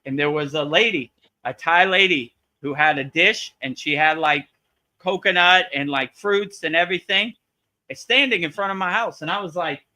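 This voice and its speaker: A man's voice: a little high, moderate pace, sharp tone. A man hosting a live spiritual Q&A, chatting casually and animatedly, acting out quotes and laughing often. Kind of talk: live Q&A chat, storytelling.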